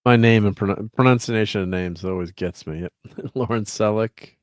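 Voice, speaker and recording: Stream host, male, low voice, dry close sound, loose rambling delivery full of fillers. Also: moderate pace, no echo. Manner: rambling, chuckling, filler-heavy while fiddling with slides. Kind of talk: casual chat on a livestream.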